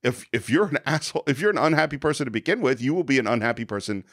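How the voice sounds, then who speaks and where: A man's voice: mid-range voice, very fast, no echo, clean studio sound. A man co-hosting a podcast, talking about a movie in casual chat and acting out its lines. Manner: animated, quotes film lines in character. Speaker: podcast co-host. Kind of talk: casual film discussion.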